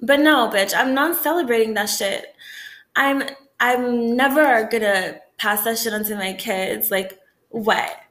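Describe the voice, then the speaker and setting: A young woman from the American South talking in a profane, rambling, animated way in a casual vlog rant. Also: on the high side, unhurried, echoey room. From Southern United States. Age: young adult.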